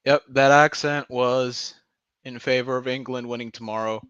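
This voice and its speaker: A young man riffs loosely and profanely, tripping over words and circling back on himself. His voice sits at an ordinary middle pitch. The sound is dry and a touch muffled. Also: level tone, brisk, fairly bright tone, smooth, no echo. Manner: rambling, profane, jokey, with frequent stumbles and laughs. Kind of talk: casual rambling chat.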